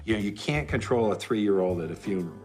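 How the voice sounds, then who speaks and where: A woman with a very low voice tells a story with lively swings in her pitch. Guitar music sits underneath her throughout. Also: quick pace. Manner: lively storyteller, acts out her child's lines. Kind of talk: documentary interview.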